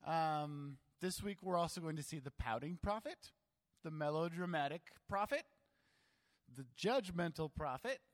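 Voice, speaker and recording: A man preaching a sermon, reading scripture aloud and then explaining it with dramatic emphasis. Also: a little high. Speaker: pastor. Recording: long hall reverb.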